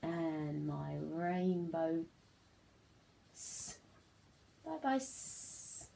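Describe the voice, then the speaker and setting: A woman's voice: deep voice, lively intonation, drawn-out words, gravelly, warm tone. A woman teaching a phonics lesson to young children, speaking in a sing-song, encouraging way that often drops to a whisper.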